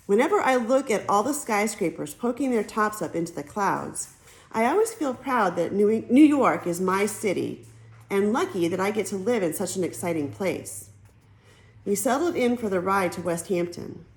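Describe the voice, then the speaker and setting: A woman reads a children's novel aloud as an audiobook narrator. Her pitch swings widely as she tells the story, with bouncy, expressive storytelling. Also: moderate pace, rough recording. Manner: lively storytelling, switches into character voices.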